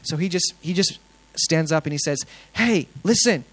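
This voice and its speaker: A man's voice: on the high side, a little fast, no room sound, low-quality recording. Man earnestly telling a faith testimony. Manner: earnest, excited storytelling with many fillers and restarts. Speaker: speaker sharing testimony. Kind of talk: testimony storytelling to a congregation.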